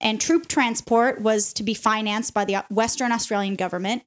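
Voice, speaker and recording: A woman's voice: on the high side, moderate pace. A woman hosting a casual chat, telling a history story with playful asides and frequent laughs. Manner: animated, laughs often, playful asides to co-hosts.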